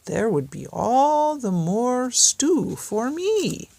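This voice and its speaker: A woman's voice: on the high side, very animated, very slow, vocal fry, darkish tone, dry recording, pitched above the performer's own voice, heavily acted. A woman voicing a scheming, hungry wolf in a children's storybook, speaking slyly and dragging out her words.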